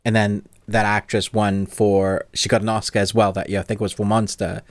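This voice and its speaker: A man hosting a casual movie podcast chat, playful and quick to laugh. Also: lowish voice, flat delivery, dry recording. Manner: playful, laughs often, runs a movie-quote quiz. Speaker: podcast host.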